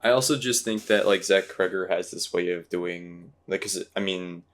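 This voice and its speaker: A man's voice: low-pitched, steady tone, moderate pace. A man in casual movie talk, rambling and searching for words with many fillers. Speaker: podcast host.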